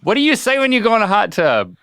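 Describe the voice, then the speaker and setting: A man's voice: high-pitched, wildly swooping pitch, fast, pushed and bright. A man hosting a casual podcast, playfully quizzing and coaching his father on pronunciation. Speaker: podcast host.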